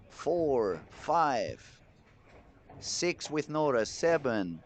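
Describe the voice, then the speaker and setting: Excitable male bowling commentator. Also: on the high side, takes it slowly, a little hiss or hum. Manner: chatty, excitable, reads chat messages aloud. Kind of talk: live sports commentary.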